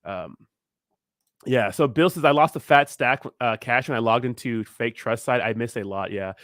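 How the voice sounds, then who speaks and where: A man's voice: mid-range voice, moderate pace, a bit bright, no room sound, studio quality. A young man hosting a crypto livestream, ranting in a fired-up way and answering viewers, often asking "you know what I mean". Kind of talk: live stream chat, reacting to viewers.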